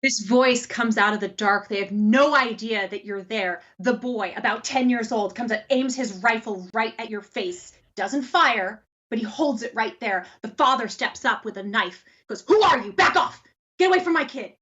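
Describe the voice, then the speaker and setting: Female game master, husky voice, animated narration, lo-fi. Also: on the high side, normal speed, few pauses. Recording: slightly dull lo-fi sound.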